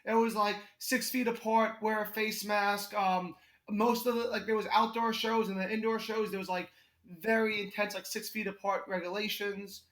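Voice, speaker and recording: A man's voice: high voice, little pitch movement, moderate pace, fairly bright tone. A young man with a New York accent, a guest comedian in a casual podcast chat, telling stories animatedly and laughing often. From Connecticut. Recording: roomy echo.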